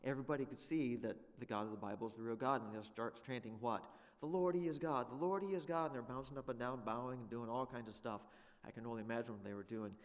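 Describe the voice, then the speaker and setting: A man's voice: medium pitch, fairly even intonation, quick pace, in a large hall. A man teaching a Sunday school lesson in a church, conversational and full of rhetorical questions.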